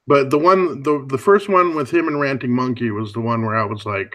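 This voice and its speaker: A man's voice: mid-range voice, a little fast, few pauses, fairly bright tone, poor audio. Blunt, swearing man in casual chat. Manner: blunt, swears a lot, says "dude". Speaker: podcast co-host.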